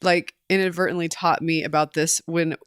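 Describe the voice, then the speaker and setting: A woman co-hosting a podcast, talking in a reflective, halting way with many restarts. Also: deep voice, steady tone, clean tone, no echo, studio quality. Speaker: podcast co-host. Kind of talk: casual conversation.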